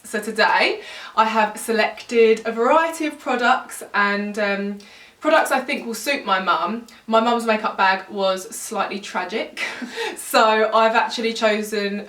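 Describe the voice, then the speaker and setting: A young woman chatting quickly and teasingly while doing makeup in a beauty vlog, recorded indoors at home. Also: on the high side, fairly bright tone. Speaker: beauty vlogger. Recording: roomy sound, mic at a distance.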